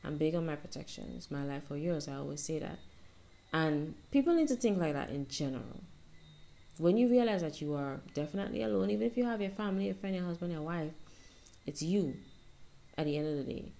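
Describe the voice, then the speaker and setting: Young woman vlogger, low gravelly voice, soft and rambling, home phone recording. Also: animated, a little fast. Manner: soft-spoken, rambling, reflective. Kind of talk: casual self-help vlog monologue.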